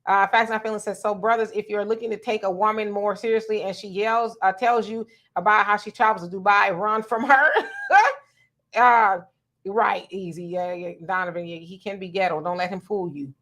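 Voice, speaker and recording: A woman's voice: medium pitch, steady tone, moderate pace, a bit bright. A woman hosting a live talk stream, telling stories with a lot of energy, laughing often and reading viewer comments aloud.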